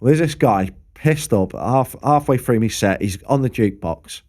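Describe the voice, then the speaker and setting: A man's voice: mid-range voice, lively intonation, normal speed, a little mellow. A young man in a middle-range voice. He tells sweary, laid-back stories in casual podcast chat. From Preston area, England. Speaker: podcast co-host, local musician.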